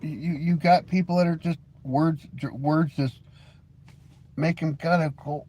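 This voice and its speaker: A man's voice: on the high side, fairly even intonation, measured pace, warm tone. A man hosts a casual live stream, talking straight to his chat in a slightly raised voice. He teases viewers with heavy sarcasm, breaks into laughter often, and trips over repeated words as he goes. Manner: mocking, sarcastic teasing with frequent stammered restarts.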